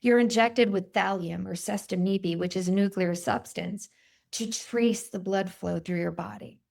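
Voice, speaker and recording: A woman in her fifties, a cardiologist guest, telling stories in an interview in a vivid, animated way. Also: medium pitch, moderate pace, vocal fry. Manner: animated, vivid storytelling with quoted voices. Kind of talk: storytelling in a podcast interview.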